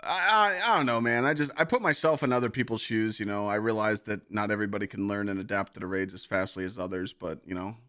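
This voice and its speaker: A man's voice: lowish voice, steady tone, fast, hardly any pauses, pushed and bright, clean tone, no room sound, clean studio sound. A male game streamer in casual chat with his viewers, laid-back and rambling, with swearing and lots of filler.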